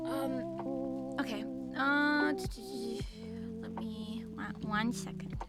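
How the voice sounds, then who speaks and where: A woman's voice: fairly high pitch, wildly swooping pitch, extremely slow. A woman streamer chatting casually with her viewers, gushing and sentimental in a playful way. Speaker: VTuber streamer. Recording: music playing under the voice. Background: background music.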